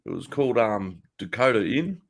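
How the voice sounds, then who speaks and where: This middle-aged Australian host has a fairly low, gravelly voice and is very animated at a moderate pace. He livestreams casually from a home office, cursing, joking, and laughing a lot as he reacts to chat.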